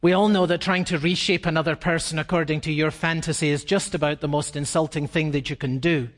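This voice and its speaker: A male pastor preaching a sermon in a large hall, expressive and climbing to emphatic peaks. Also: a little high, fairly quick. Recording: reverberant hall.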